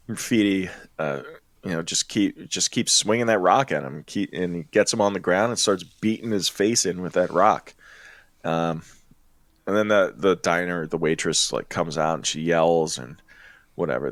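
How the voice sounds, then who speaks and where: Low-voiced man rambling through a plot recap. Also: moderate pace, a bit bright, dry recording. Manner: laughs often, rambling with many fillers. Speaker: podcast co-host. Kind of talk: casual chat retelling a film plot.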